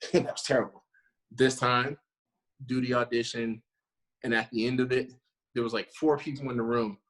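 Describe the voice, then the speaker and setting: A man in his thirties tells a story in a casual interview, voice pitched right in the middle. He springs into little acted-out quotes and laughs as he goes. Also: normal speed, long pauses, rough recording. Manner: animated storyteller, acts out quotes, laughs often. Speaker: guest actor.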